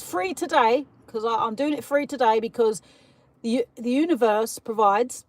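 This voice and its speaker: A woman's voice: a little high, moderate pace. A British woman hosting a casual live stream, chatting and ranting as she answers viewer comments. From Britain. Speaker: livestream host.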